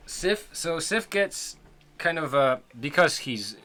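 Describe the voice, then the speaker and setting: Bright-voiced man playing a tabletop game. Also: fairly high pitch, slow. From United Kingdom. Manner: rambling, excitable and animated when describing actions. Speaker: player. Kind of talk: casual play at a tabletop game.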